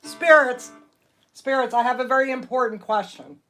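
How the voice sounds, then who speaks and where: A woman hosting a live stream, talking out loud to spirits and greeting her viewers. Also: high-pitched, normal speed, soft background music. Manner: excitable, talks out loud to spirits. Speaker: livestream ghost hunter.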